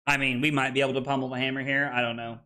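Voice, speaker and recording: A man's voice: medium pitch, level tone, very fast, sharp tone. A man casually commentating his own card game on a live stream, frustrated and swearing, with hiccups and something stuck in his throat.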